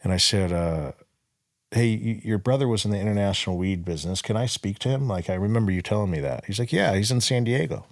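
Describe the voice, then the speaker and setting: Low-voiced man telling a blunt story. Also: fast, no room sound, studio quality. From Southern California. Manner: blunt, profane, acts out quoted dialogue. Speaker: podcast guest. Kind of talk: casual storytelling interview.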